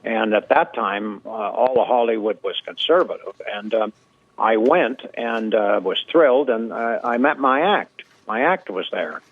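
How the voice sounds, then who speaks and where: A man's voice: fairly low pitch, a little slow, no room sound. An older man from Canada, a guest impressionist, telling anecdotes in an interview in an easygoing way with many fillers. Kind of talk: storytelling interview. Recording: dry tinny phone-like line.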